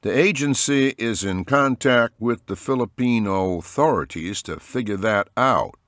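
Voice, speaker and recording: A man voicing a stern male federal agent in an audiobook, speaking firmly and flatly. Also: medium pitch, measured pace, no room sound, studio quality, voice pushed up, close to an everyday voice. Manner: firm, flat delivery. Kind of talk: audiobook character voice.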